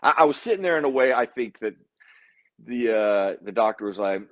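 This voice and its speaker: A man's voice: on the low side, a little fast, dry recording, dull audio. A man, a guest in a casual interview, telling a personal story and acting out what other people said. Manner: animated storyteller who acts out other people's lines.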